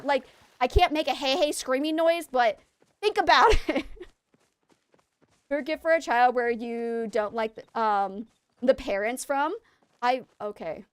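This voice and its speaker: A woman with a slightly high voice chats casually with her stream audience as she plays. She rambles in an animated way and fills her talk with "like" and "um". She sounds like a mom and former teacher thinking out loud on stream. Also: moderate pace, clean tone, dry recording. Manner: chatty, rambling and animated, with many fillers. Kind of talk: casual chat while livestreaming a game.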